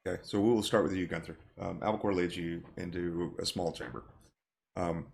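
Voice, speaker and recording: A man narrating a tabletop game as its game master, in a loose, hedging way. His voice sits low and has a gravelly fry. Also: fairly even intonation, fairly quick, darkish tone.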